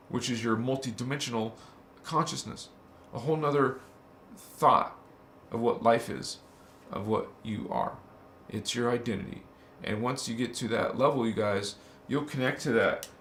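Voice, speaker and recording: A man giving an impassioned spiritual talk, casual and slangy, swearing and flaring up into loud outbursts. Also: medium pitch, echoey room, slight background noise. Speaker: spiritual teacher.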